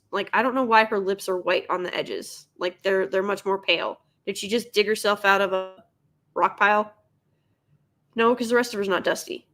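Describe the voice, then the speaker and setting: A woman's voice: medium pitch, a bit bright. A young adult woman giving sarcastic, exasperated live reaction commentary as a streamer.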